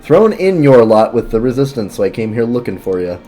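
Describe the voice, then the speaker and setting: A man's voice: medium pitch, very animated, fairly quick, dark tone, faint music behind. A man reading out a friendly game quest-giver. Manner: plain reading with slips.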